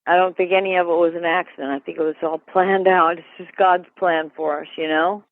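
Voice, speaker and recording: A woman guest being interviewed, speaking earnestly and haltingly with many fillers and tag questions like "right?". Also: fairly low pitch, steady tone, dry recording. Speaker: guest, sister of a late musician. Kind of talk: candid interview over the phone. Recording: dry tinny phone line.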